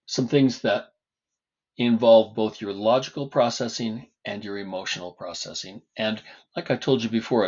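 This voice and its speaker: A fairly low-pitched man with a husky voice talks as a trauma coach, leading a breathing exercise in calm, slow counts. He explains his coaching work in the same measured way. The recording sounds a little dull and lo-fi.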